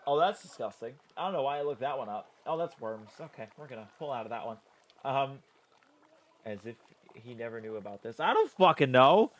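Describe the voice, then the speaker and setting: A man's voice: mid-range voice, a little fast. Chatty, swearing young man streaming a game. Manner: swears often, laughs, reads game text and chat aloud, excitable. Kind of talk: casual live-stream commentary.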